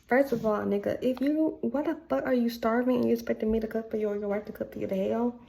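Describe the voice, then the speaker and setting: A woman's voice: a little high, fairly even intonation, quick pace, vocal fry, dark tone, breathy edge. A young woman ranting casually to camera, blunt and exasperated, with lots of filler words. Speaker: vlogger.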